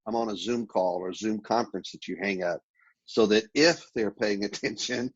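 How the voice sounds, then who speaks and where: Man, husky, guest speaker, casual advice, muffled lo-fi call audio. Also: fairly low pitch, normal speed. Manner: relaxed, advice-giving, repeats words. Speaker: interview guest, productivity speaker. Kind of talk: casual remote interview.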